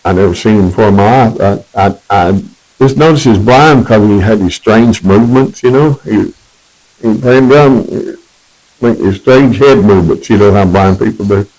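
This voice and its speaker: A man's voice: fairly low pitch, moderate pace, a little mellow, low-quality recording. A man telling his personal testimony in a rambling, conversational way, correcting himself as he goes.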